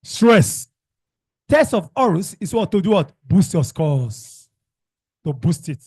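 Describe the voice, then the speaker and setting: Nigerian male teacher, slightly high voice, slow and deliberate, call-and-response drilling, dry close sound. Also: very animated, a little mellow, breathy edge, dry recording. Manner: call-and-response questioning, repeats words for the class. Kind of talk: classroom exam-prep lesson.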